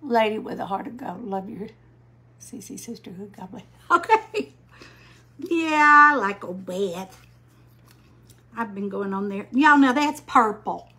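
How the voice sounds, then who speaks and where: An older woman, chatting slowly on a craft livestream, greeting viewers by name while she paints. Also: mid-range voice, animated, sharp tone, breathy edge. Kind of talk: casual live-stream chat while painting.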